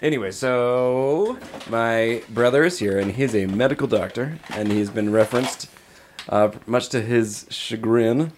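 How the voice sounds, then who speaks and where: A man's voice: medium pitch, unhurried, darkish tone, slight background noise. A man hosting a podcast in a studio, joking casually and introducing his guest. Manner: easygoing, joking. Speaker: podcast host.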